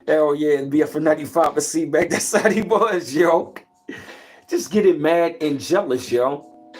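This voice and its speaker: Guy on a livestream, preachy and repeating himself, shouting out chat, kinda high voice. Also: measured pace, faint music behind. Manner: preachy, greets chat, repetitive. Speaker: livestream host. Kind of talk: casual motivational talk.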